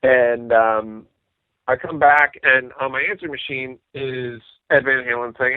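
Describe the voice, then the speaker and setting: A middle-aged man, a rock bassist being interviewed, telling anecdotes in a casual way and acting out what people said. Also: moderate pace, smooth, no echo. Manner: animated anecdotes, acts out quoted dialogue. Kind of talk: casual storytelling. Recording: dry tinny phone-like sound.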